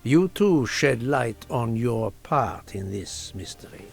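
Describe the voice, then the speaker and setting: A man voicing a precise, formal detective who questions suspects with measured courtesy, in a video game. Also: medium pitch, animated, vocal fry. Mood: calm. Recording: game audio with faint music behind.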